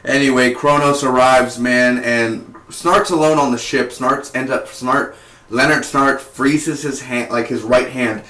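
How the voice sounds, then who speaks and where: A young man casually reviewing a TV episode, rambling and excitable, with lots of "like" and "man". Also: mid-range voice, a little slow. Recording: echoey room.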